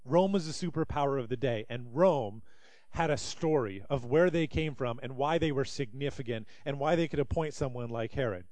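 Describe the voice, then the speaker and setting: A man preaching a sermon, telling a story in an animated way and acting out the people he quotes. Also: mid-range voice, moderate pace, no room sound. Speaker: pastor.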